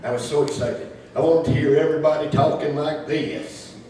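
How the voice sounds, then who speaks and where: A man's voice: fairly high pitch, fairly even intonation, moderate pace, mellow, a little hiss or hum. A man from Milwaukee performing a stand-up comedy set, joking and stammering through restarts as he laughs at his own jokes. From Milwaukee, Wisconsin. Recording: distant mic in an echoey room with a crowd. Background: audience laughing.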